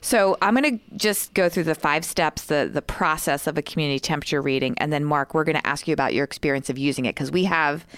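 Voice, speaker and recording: A woman in her forties, a co-host explaining a communication tool in a measured, casual way with many fillers. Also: deep voice, a bit bright, clean tone, no echo, clean studio sound. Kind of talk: explaining casually with role-play examples.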